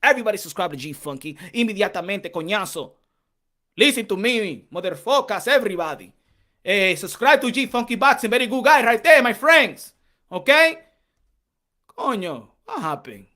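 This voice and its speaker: A man's voice: high voice, pushed and bright. A man hosting a casual boxing live stream, bantering with his chat in a profane, laughing way. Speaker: boxing channel host.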